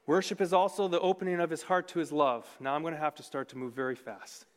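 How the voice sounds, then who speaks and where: A man's voice: fairly high pitch, level tone, fast talker. Earnest male preacher in a reverberant hall. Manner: earnest, conversational, emphatic swings in volume. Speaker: pastor. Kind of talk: sermon. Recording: long reverb of a large hall.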